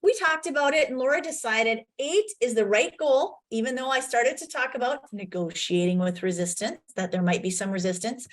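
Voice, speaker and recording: This is a woman coach leading a virtual conference session. She tells client stories with energy and acts out their lines, her voice sitting a little high. The sound is that of a video call mic. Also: lively intonation, normal speed, few pauses.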